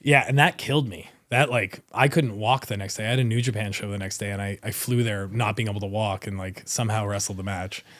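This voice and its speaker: A man in his thirties talks as a guest in a studio interview. He tells his stories in a lively, animated way and often laughs mid-sentence. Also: on the low side, brisk, few pauses, dry recording. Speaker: guest wrestler. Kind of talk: casual interview storytelling. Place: podcast studio.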